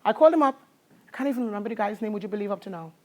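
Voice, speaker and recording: A woman with a Trinidadian accent giving an animated motivational talk to a live audience, telling her story and drawing call-and-response from the crowd. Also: mid-range voice, very fast. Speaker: motivational speaker.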